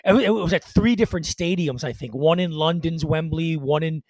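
A man's voice: fairly high pitch, fairly quick, darkish tone, dry recording. A man co-hosting a podcast, chatting loosely about music history with many fillers and restarts. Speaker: podcast co-host.

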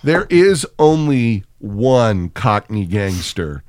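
A man's voice: on the low side, sing-song, slow pace, darkish tone, no echo, studio quality. A man co-hosting a casual chat about a movie, swearing and joking, now and then slipping into mock voices. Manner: profane, jokey, slips into mock voices. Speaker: podcast co-host.

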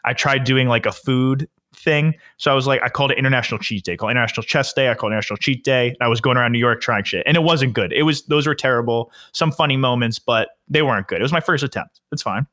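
A man's voice: medium pitch, quick pace, hardly any pauses. A young man co-hosting a podcast, telling stories in casual, profanity-laced chat. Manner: profane, animated storyteller. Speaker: podcast co-host.

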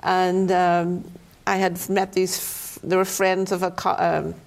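Northern irish lady councilor, low gravelly voice, chatty and friendly. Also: monotone, slow. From Northern Ireland. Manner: friendly, storytelling with small restarts. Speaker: city councilor guest. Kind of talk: casual interview chat.

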